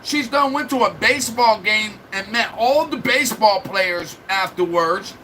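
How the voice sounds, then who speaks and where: Guy on a livestream venting, high tense voice, rambly, faint hiss behind. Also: lively intonation, unhurried, pushed and bright, rough recording. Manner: upset, venting rant to viewers; rambling, restarts and fillers. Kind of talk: casual livestream chat.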